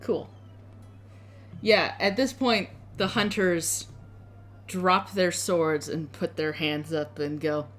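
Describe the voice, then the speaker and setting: A woman's voice: fairly low pitch, fairly even intonation, takes it slowly, long pauses, faint music behind. A woman narrating a tabletop game as dungeon master in a casual, rambling way. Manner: casual, filler-heavy narration.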